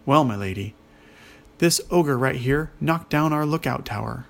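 A man voicing a small, gruff male dwarf in a storybook tale. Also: mid-range voice, animated, unhurried, a bit bright. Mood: grumpy.

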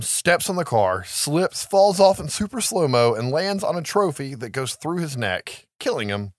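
A man co-hosting a podcast, retelling a movie plot in a casual, animated way with frequent laughs. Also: on the high side, normal speed, hardly any pauses, dry recording, clean studio sound. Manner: animated storytelling, laughs often, profanity. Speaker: podcast co-host.

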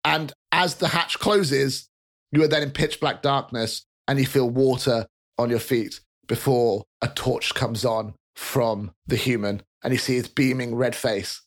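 Guy running a tabletop game, quick casual descriptions, mid voice. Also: mid-range voice, steady tone. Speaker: game master.

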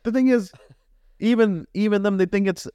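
A young Canadian man co-hosting a podcast, talking with passion and preaching hard, swearing freely and jumping to high emphatic peaks. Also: normal speed, warm tone, clean tone. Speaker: podcast co-host. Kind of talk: casual podcast chat.

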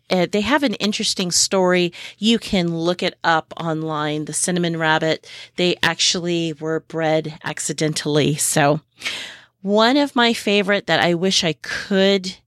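A woman hosting a podcast in a casual, informative way, unhurried and pausing often with fillers, sharing what she has learned firsthand on her homestead. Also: on the low side, clear, resonant tone, no echo, clean studio sound. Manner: unhurried, with many pauses and fillers; speaks from personal homestead experience. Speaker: podcast host.

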